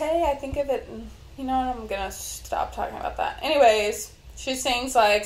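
A chatty woman in a casual tarot reading video, her talk rambling and full of fillers. Her voice sits a bit high and rings in a roomy, echoey space. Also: normal speed, hardly any pauses. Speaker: tarot reader. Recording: echoey room.

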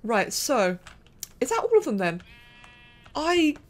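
A young woman giving chatty, excitable let's-play commentary, thinking aloud and talking to the characters on screen. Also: sits high, slow. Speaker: gaming channel host.

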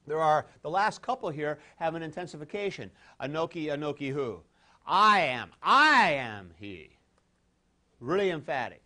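Animated male theology lecturer. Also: fairly high pitch. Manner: animated, emphatic, swings between loud stresses and quiet asides; conversational, acts out imagined objections. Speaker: theology professor. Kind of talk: classroom lecture.

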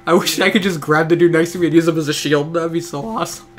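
A man's voice: fairly high pitch, fairly even intonation, quick pace. A young man hosting casual gameplay commentary, joking, swearing and laughing often. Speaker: gaming channel host.

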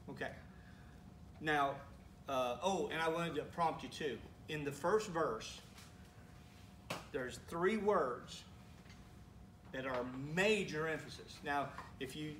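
Conversational preacher in an echoey sanctuary. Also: male voice, a little high, fairly bright tone, recorded from a distance, slight background noise. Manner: conversational, asks the congregation questions, teasing asides. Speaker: pastor. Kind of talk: sermon. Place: church sanctuary. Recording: echoey room, speaker away from mic.

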